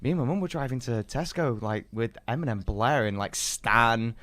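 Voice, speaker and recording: Lively British man chatting casually. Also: mid-range voice, moderate pace. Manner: rambling, many fillers, animated storytelling. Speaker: podcast co-host. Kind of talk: casual chat.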